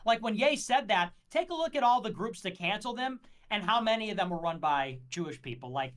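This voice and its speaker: A man talking in a heated livestream debate, making his case in a measured, lecturing, argumentative way. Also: high-pitched, lively intonation, fairly bright tone. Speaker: guest.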